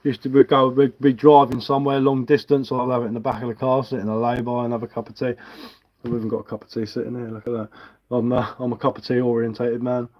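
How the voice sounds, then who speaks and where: A man's voice: medium pitch, fast, highs cut off. A man, hosting a live stream and chatting casually as he works, rambling and poking fun at himself. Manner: relaxed, rambling, self-mocking. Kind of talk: casual chat while carving. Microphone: headphones with mic.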